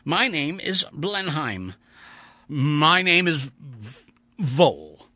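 A man's voice: fairly high pitch, very animated, extremely slow, sharp tone, no echo, pitched above the performer's own voice, full character voice. A man voicing an austere, cynical blind older male mathematician who speaks in a wry, theatrical way.

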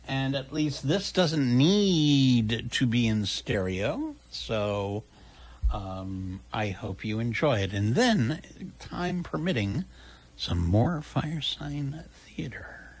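A man's voice: mid-range voice, animated, takes it slowly. A man hosting a radio show, chatty and prone to correcting himself mid-sentence. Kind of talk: casual radio talk.

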